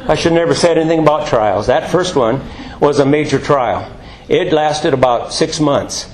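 A man's voice: fairly high pitch, moderate pace, roomy sound, a little hiss or hum, rough recording. A man preaching a sermon, telling jokey stories and acting out voices. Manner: animated, jokey storytelling with acted-out voices.

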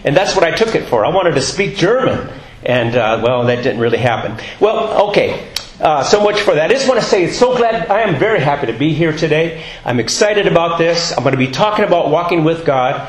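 A man's voice: on the high side, expressive, a little fast, roomy sound, slight background noise, poor audio. A man giving a sermon, talking in a chatty, rambling way with lots of fillers. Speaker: guest preacher. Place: church.

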